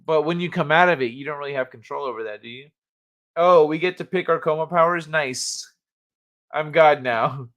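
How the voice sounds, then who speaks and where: A man's voice: fairly high pitch, normal speed, a bit bright. A man hosting a casual livestream chat from the United States, rambling and laughing as he reads chat aloud. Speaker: livestream host.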